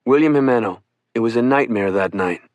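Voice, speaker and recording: A man narrating an oral history audiobook, reading survivors' accounts in a calm first-person voice. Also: medium pitch, brisk, no room sound.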